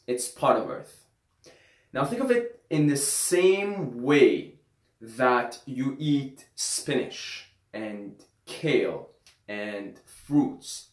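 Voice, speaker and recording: A man talking casually and emphatically to his viewers, repeating phrases and swearing freely. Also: medium pitch. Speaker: vlogger. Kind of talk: casual monologue to camera. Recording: roomy echo.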